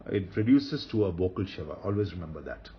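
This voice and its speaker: A male teacher lectures with a low voice that rises and falls a great deal as he explains. He repeats each rule for emphasis and checks in with rhetorical questions. The recording sounds dull and lo-fi. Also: very animated, brisk, a little hiss or hum. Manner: patient, repeats key rules, asks rhetorical questions. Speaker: Hebrew grammar teacher.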